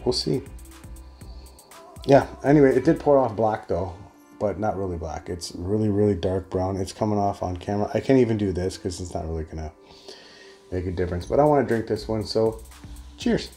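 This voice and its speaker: A man's voice: lowish voice, fairly quick, mellow, faint music behind. A man giving a chatty, rambling solo beer review.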